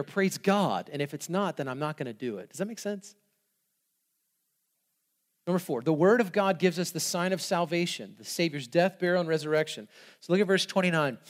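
High-voiced, animated preacher man. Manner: animated, laughing, asks rhetorical questions. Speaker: pastor. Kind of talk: sermon.

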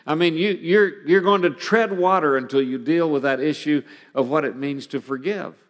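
A man's voice: a little high, normal speed. A middle-aged man preaching a sermon, telling a personal story in an earnest way that rises to emphatic passages. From Oklahoma, USA. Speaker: pastor. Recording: long hall reverb.

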